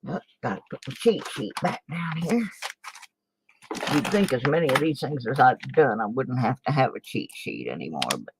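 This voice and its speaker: A woman's voice: a bass voice, sing-song, moderate pace, background noise. An older woman hosting a casual livestream, chatting and muttering asides to herself at her desk while she sorts coins. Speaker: channel host, coin roll hunter. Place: home desk in a small town.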